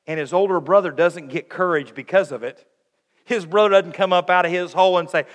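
A man preaching a sermon, emphatic, moving between raised passages and hushed ones. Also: sits high, fairly quick, long reverb tail. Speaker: pastor.

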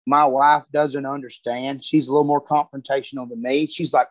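A man's voice: mid-range voice, little pitch movement, moderate pace, no room sound. A man telling profane, rambling stories about travel and his wife in casual chat. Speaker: comedian guest.

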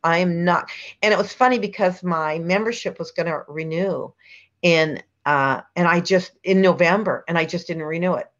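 A woman's voice: on the low side, normal speed. A middle-aged woman telling a story as an interview guest, chatty and rambling with fillers and restarts. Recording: dull lo-fi sound.

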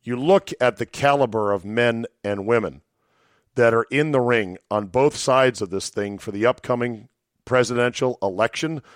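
This solo podcast host speaks at a moderate pace in a studio-quality recording with no room sound. He's casual and profane, and his sarcastic, mock-dramatic asides come with abrupt pitch jumps.

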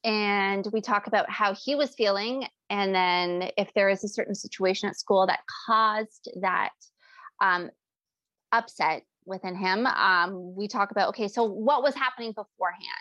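A woman's voice: mid-range voice, fairly even intonation, unhurried, pushed and bright, no echo. A woman co-hosting a casual talk about parenting, chatting freely and acting out little back-and-forth dialogues as she explains. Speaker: podcast co-host. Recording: dry, dull lo-fi sound.

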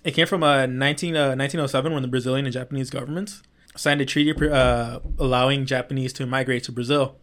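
A young man in casual podcast chat, excited and swearing freely. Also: mid-range voice, fast talker. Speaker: podcast co-host.

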